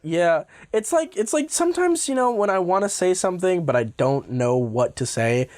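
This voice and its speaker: A man's voice: sits high, animated, moderate pace, a little mellow, no room sound. A man in his twenties co-hosting a casual podcast, often hesitating and stammering before trailing off. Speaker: podcast co-host. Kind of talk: casual chat.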